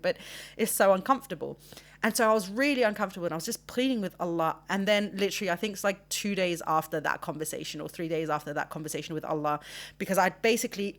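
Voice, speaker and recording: A young woman from Denmark hosting a podcast, telling a personal story in a rambling, earnest way with lots of fillers and restarts. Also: on the low side. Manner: earnest and emotional, laughs through discomfort. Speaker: podcast host.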